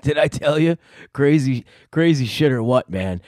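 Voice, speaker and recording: A man's voice: mid-range voice, animated, normal speed, a little mellow, no room sound, studio quality. A man hosting a comedy show in casual chat, rambling and swearing and mocking himself. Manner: rambling, profane, self-mocking. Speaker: host.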